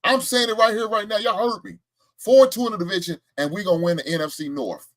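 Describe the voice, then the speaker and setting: A man's voice: high voice, fast talker, fairly bright tone. A man hosting a casual live-stream sports talk show, boasting about his predictions and firing back at the chat with laughs and trash talk. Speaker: show host.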